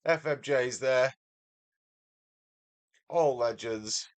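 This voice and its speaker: A man's voice: mid-range voice, drawn-out words. A man with a Mancunian accent, chatting casually with viewers on a live stream and reading out their messages in a matey way. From Manchester, England. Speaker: livestreamer.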